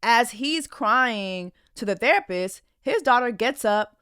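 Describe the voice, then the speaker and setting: A woman's voice: fairly high pitch, expressive, takes it slowly, a bit bright, clean tone, no echo, studio quality. A woman podcast host giving blunt, indignant reaction commentary on a reality show clip in a casual, conversational way.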